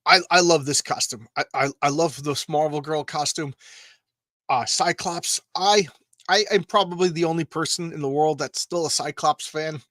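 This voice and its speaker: A man's voice: on the high side, moderate pace, fairly bright tone, no echo. A man hosting a live comics stream, talking casually in a rambling, emotional way with frequent stammers and restarts. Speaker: comics channel host.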